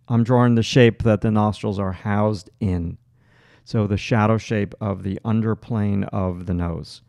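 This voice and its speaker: A low, gravelly man with a Long Island accent talks through a drawing demo. He thinks aloud as he works, breaking off into fillers and restarts. The sound is dry and close. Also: darkish tone, no room sound. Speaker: art instructor. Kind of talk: livestream drawing demonstration.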